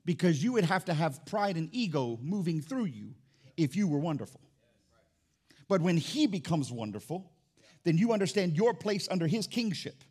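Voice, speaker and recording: Loud, high-pitched preaching pastor. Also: male voice, big pitch swings, moderate pace, breathy edge. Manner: loud, swinging between shouting and hushed. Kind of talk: sermon. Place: church sanctuary.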